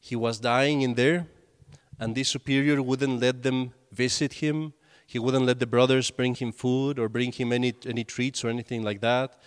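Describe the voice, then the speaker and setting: A man's voice: medium pitch, steady tone, normal speed, clean tone. A man, a priest, giving a conversational sermon and telling stories with acted quotes. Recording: long hall reverb.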